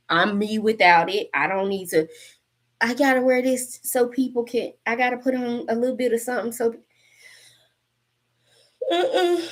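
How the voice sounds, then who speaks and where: A woman in her forties giving a casual spiritual reading to camera. She is blunt and profane, jokes a lot and laughs often. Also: medium pitch. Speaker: tarot reader and coach.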